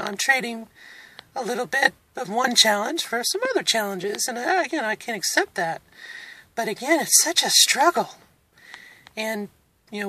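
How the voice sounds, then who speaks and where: Forties woman, slightly high voice, candid vlog delivery, emotional and halting, near tears. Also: a bit bright. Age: 40s. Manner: candid and reflective, with nervous laughs. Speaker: vlogger. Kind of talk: personal video diary.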